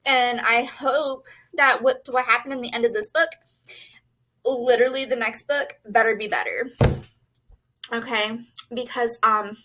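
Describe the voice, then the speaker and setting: Young woman, bright, high voice, bubbly casual vlog chatter. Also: measured pace, low-quality recording. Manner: bubbly, excitable, lots of "like" and "um". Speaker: book vlogger. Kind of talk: casual chat to camera.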